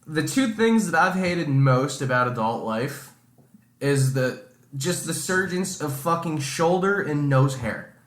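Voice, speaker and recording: A man's voice: on the high side, measured pace, echoey room, slight background noise. A man co-hosting a podcast, telling a story in casual chat, swearing a lot and acting out the people he quotes. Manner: profane, animated storyteller doing dramatic quotes. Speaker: podcast co-host.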